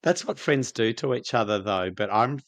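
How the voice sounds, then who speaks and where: A woman's voice: very deep voice, lively intonation, normal speed. A woman co-hosting a podcast, with a strained voice, tossing out wry, joking asides in casual chat. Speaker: podcast co-host.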